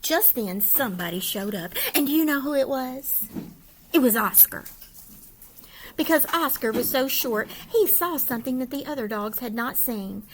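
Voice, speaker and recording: A woman's voice: sits high, expressive, moderate pace, a little hiss or hum, low-quality recording. A woman reading a children's picture book aloud expressively, asking her listeners questions. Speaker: storyteller.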